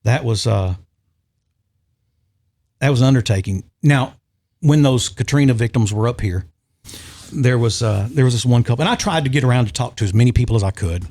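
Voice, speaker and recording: A man's voice: medium pitch, fairly quick, pauses often, darkish tone. A man telling an emotional story in a casual podcast chat, with frequent restarts. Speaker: podcast guest.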